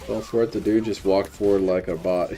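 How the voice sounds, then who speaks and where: Low-voiced man with sarcastic commentary. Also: steady tone, moderate pace, warm tone, faint music behind. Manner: mocking, dry jabs. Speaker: host commenting on a replayed stream.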